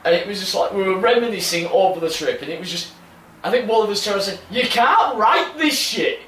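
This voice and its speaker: A man's voice: high-pitched, fast talker, slight background noise. A man co-hosting a podcast, teasing and laughing often in casual chat. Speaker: podcast co-host. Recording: roomy room, distant mic, faint ambience.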